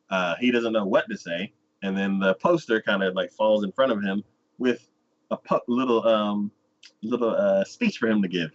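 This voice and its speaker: A man's voice: on the low side, moderate pace, a bit bright, highs cut off. A man hosting a casual podcast, telling a story in a loose, rambling way and acting out the characters. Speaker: anime review podcast host. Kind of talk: casual chat recapping an episode.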